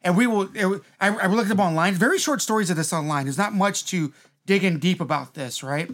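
Fast-talking, high-voiced man. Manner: animated, swearing, talks over others. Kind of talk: casual chat.

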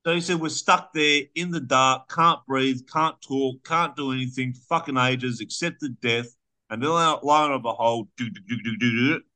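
A man's voice: medium pitch, normal speed, bright, forceful tone. A man co-hosting a podcast, retelling a story in a rambling, casual way with some swearing. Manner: rambling, profane storytelling with restarts. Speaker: podcast co-host.

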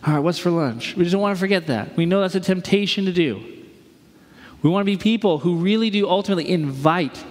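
Middle-aged male preacher, storyteller, slightly high voice, echoing hall. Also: fast. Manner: storytelling, animated, acts out quoted voices. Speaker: pastor. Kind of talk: sermon. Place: large church auditorium. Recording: long reverb of a large hall.

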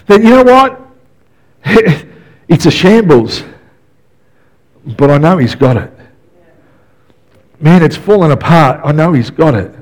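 A middle-aged pastor delivers an animated sermon, his high-pitched voice sinking soft and then climbing to yells as he acts out stories. The audio quality is poor.

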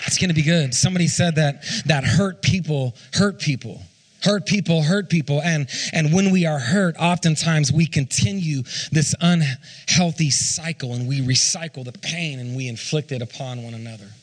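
High-voiced man preaching a sermon. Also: moderate pace. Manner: repeats and restarts words, asks the congregation questions. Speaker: pastor.

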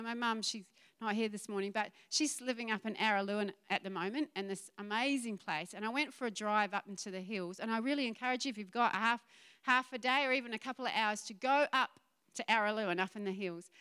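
A woman preaching in a relaxed, conversational way. Her voice sits a little high and sounds smooth and clear. She drops into excited quoted voices and laughs easily. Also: brisk. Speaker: pastor. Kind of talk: sermon.

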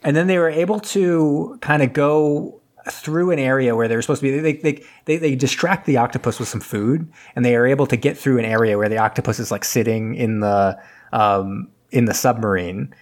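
A man's voice: mid-range voice, normal speed. A man casually recapping a movie plot on a podcast, rambling with lots of fillers and losing his thread. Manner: rambling, filler-heavy, loses his train of thought.

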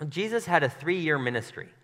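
A man's voice: a little high, a bit bright, big-room sound. A young man giving a casual, conversational sermon to a congregation in a church, playful and self-deprecating, often slipping into voices to act out scenes. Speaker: preacher. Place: church sanctuary.

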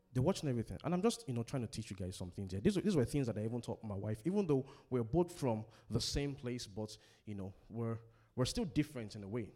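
A husky-voiced middle-aged preacher from Africa delivers a sermon with a very lively, swooping pitch. He hammers home his points by repeating them and asks questions for the listeners to answer. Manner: emphatic, repeats key phrases, asks questions for the congregation to answer. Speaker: pastor. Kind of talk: sermon on relationships.

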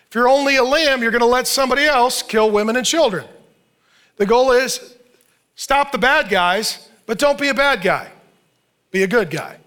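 High, bright-voiced preacher man. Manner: animated, joking preacher. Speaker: pastor. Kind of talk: sermon.

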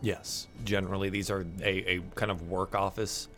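A man acting as game master, recapping the story in a relaxed, hesitant way full of ums and uhs. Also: low-pitched, normal speed, soft background music. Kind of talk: narrating a tabletop game recap.

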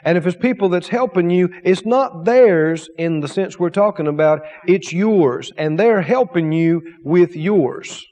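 A man's voice: high-pitched, a little slow, few pauses, warm tone, in a large hall. A man preaching a sermon as pastor, emphatic, with repetition and rhetorical questions.

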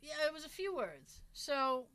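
A woman tells a story in a casual chat with friends, cursing freely and acting out what everyone said. Her voice sits high and bright and swings widely in pitch as she goes. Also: very animated, unhurried, slight background noise. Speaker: podcast host telling a story.

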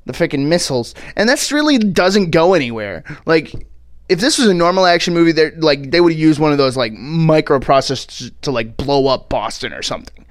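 Chatty man with a lively, dry voice. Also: a little high, no room sound. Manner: chatty, laughs often, swears casually. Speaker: podcast host doing a movie commentary track. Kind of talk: casual movie commentary.

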